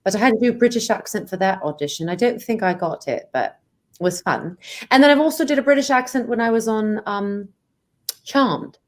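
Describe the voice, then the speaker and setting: Host: chatty woman, a touch high-pitched, playful, talking over a video call. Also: brisk. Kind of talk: casual video call chat.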